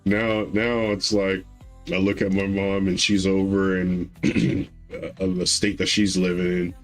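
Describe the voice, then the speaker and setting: A man's voice: low voice, level tone, a little slow, faint music behind, rough recording. A man in his thirties telling a rambling story in casual podcast chat, acting out other people's voices and laughing often. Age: 30s. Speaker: podcast co-host.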